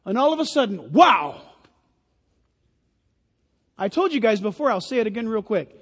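A man's voice: high-pitched, big pitch swings, moderate pace, breathy edge. A man preaching a sermon, emphatic and full of stories. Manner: emphatic, storytelling. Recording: long hall reverb.

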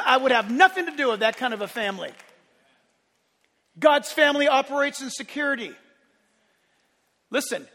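A man's voice: very high voice, pushed and bright, big-room sound. A middle-aged man preaching a sermon as pastor in a church sanctuary, impassioned and emphatic.

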